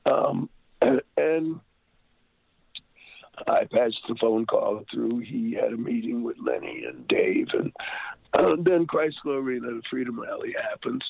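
A man's voice: medium pitch, big pitch swings, slow pace, vocal fry, slightly rough, no echo. An older man telling a rambling story as an interview guest, with many fillers and restarts. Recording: phone-like lo-fi line.

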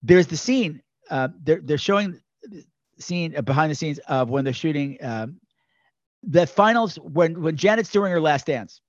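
A high-voiced man hosting a podcast in an animated, gossipy chat, often slipping into loud impressions of other people. His voice sounds dry and close, with a dull, lo-fi tone. He talks in a loose, rambling way with restarts. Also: measured pace, no echo. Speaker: podcast host.

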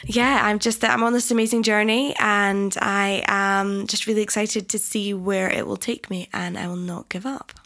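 A young woman from Scotland, a singer telling her story in a casual, animated interview. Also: mid-range voice, moderate pace, hardly any pauses. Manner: animated, chatty, acts out quoted voices. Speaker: singer, guest.

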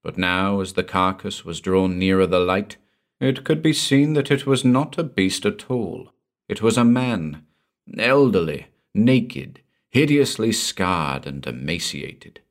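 A male narrator reads a pulp horror tale at a slow, deliberate pace, lingering on each dark detail. His voice is low and deep, and he keeps the suspense with a measured, even delivery. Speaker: audiobook narrator. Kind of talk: dramatic audiobook narration.

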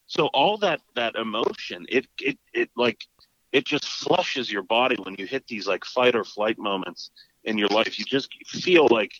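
A man's voice: mid-range voice, moderate pace, no echo, muffled recording. A man in casual talk, telling a story with energy and acting out both sides of a quarrel. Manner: animated, acts out both sides of the exchange.

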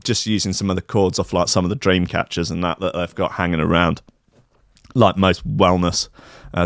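Guy rambling through a silly story, deadpan, lots of ums, dry mic. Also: fairly low pitch, dry recording. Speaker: podcast host. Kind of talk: comic storytelling monologue.

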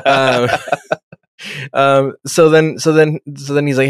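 A man's voice: medium pitch, steady tone, slow pace, no echo, clean studio sound. A man recapping a TV episode in casual chat, rambling and swearing as he acts out the characters' voices.

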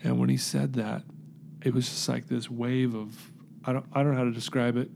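Gravelly-voiced man telling his story. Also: mid-range voice, steady tone, normal speed, warm tone, slight background noise. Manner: recounts events by acting out quoted dialogue; earnest, emotional. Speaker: podcast guest. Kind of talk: personal storytelling.

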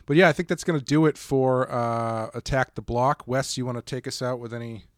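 A man's voice: medium pitch, fairly even intonation, brisk, no room sound, clean studio sound. Chatty male podcast host, laughing often. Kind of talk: casual chat.

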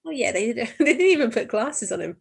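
A woman's voice: on the high side, sing-song, fairly quick, vocal fry, husky. A woman co-hosting a podcast, chatting playfully and laughing often. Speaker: podcast co-host. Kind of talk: casual chat.

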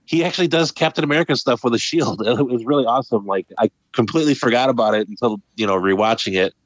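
A man's voice: mid-range voice, quick pace, no echo. A man co-hosting a casual film discussion, talking animatedly and acting out characters' lines. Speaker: podcast co-host. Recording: dull lo-fi sound.

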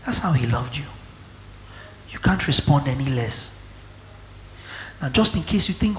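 High-voiced fiery preacher in an echoey hall. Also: male voice, expressive, unhurried, pauses often. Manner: fiery, swings between low murmurs and shouting. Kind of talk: sermon.

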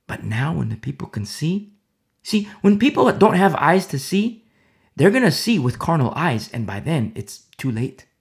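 A man's voice: fairly high pitch, sing-song, moderate pace, gravelly. A man preaching a sermon in an emphatic, storytelling way, often repeating himself for emphasis.

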